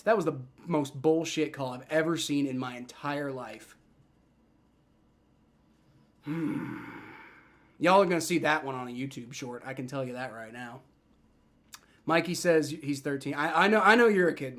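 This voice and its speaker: A young man hosting a live football reaction stream, swearing and shouting in outrage at the referees, then talking casually to his chat. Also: fairly high pitch, moderate pace, long pauses. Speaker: livestream football reaction host. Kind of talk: live sports reaction commentary.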